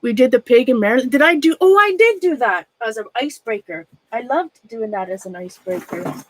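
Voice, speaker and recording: A middle-aged woman chats casually on a livestream, her voice sitting a little high. She sounds nervous and a bit shaky, rambling on and greeting viewers by name as she sorts through her things. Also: animated, fairly quick, poor audio. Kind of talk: casual livestream chat while sorting a closet.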